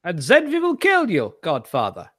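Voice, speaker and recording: Comic war-film villain: man doing a high, sneering German officer, mock-threatening, dry close sound. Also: huge pitch swings, normal speed, a bit bright, dry recording, full character voice. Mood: mock menace. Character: menacing German officer from an old war film, male, adult. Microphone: video call.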